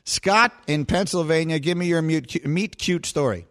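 A man's voice: a little high, moderate pace, fairly bright tone. A man hosting a radio call-in show, chatting casually and enthusiastically with callers and laughing often.

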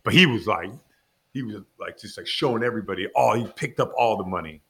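A man, a former player and podcast guest, telling a rambling, animated anecdote full of "like" fillers and acted-out quotes. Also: lowish voice, fast talker. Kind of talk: animated storytelling.

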